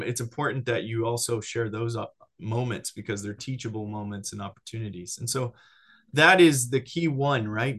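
Animated man teaching on discipleship. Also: medium pitch. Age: adult with a child. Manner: animated, lots of restarts and "right?" check-ins.

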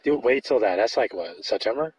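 On a podcast he co-hosts, a man chats casually, rambling with lots of filler words, frequent laughs, and many "likes." His lowish voice is animated, a little fast, and darkish in tone, recorded with dull lo-fi sound.

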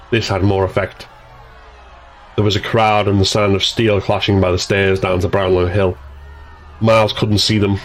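A man narrating an action scene as a scripted audiobook reading, in a steady, measured way. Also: deep voice, poor audio.

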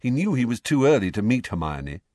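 Male audiobook reader, lowish voice, very animated, dry sound. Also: a little fast, no room sound. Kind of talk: audiobook narration.

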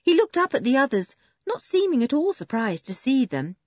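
A woman reading a children's storybook aloud in an expressive, animated way. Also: fairly high pitch, moderate pace, no room sound, highs cut off. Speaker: audiobook narrator. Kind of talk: storybook narration.

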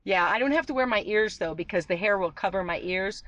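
A woman's voice: mid-range voice, fairly bright tone, no room sound, dull audio. Chatty woman hosting a fan podcast. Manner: chatty, reads out news items, quick laughs. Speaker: podcast host. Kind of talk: casual news chat.

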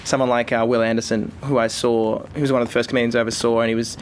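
A man speaks earnestly and reflectively in an interview, his pitch very flat. Faint noise sits behind him. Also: rapid-fire.

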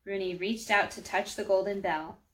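A woman's voice: medium pitch, steady tone, moderate pace. Friendly woman storyteller, reading a picture book aloud for children. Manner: gentle, friendly, addresses children.

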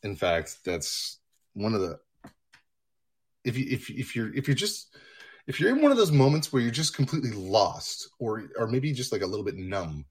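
A man's voice: fairly low pitch, sing-song, normal speed, husky. A man hosting his own livestream from home, rambling casually with profanity and self-mocking asides. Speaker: livestream host.

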